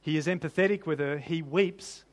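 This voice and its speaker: Male pastor, high voice, conversational sermon delivery with questions to the room. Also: moderate pace. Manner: conversational preaching with rhetorical questions to the congregation.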